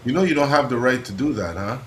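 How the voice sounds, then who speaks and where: A man co-hosting a casual talk stream, telling stories in an animated, profane way. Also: medium pitch, fast talker, slight background noise, low-quality recording. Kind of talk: casual livestream chat.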